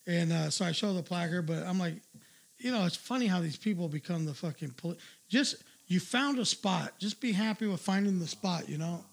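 A man's voice: sits high, brisk, creaky. A man hosting a livestream, telling a crude story in a profane, ranting casual way. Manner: profane, ranting, loud asides. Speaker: livestream host.

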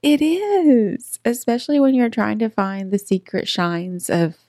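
A woman's voice: a little high, measured pace, dry recording. Lady podcaster telling a funny family story, laughs a lot, super dry mic. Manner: animated, laughing, acts out quotes. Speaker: podcast co-host. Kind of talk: casual storytelling chat.

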